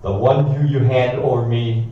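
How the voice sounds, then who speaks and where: A man reading as a calm, composed prisoner. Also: medium pitch, moderate pace, dull audio, natural voice. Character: calm, composed prisoner speaking of his kingdom. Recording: echoey room, distant mic.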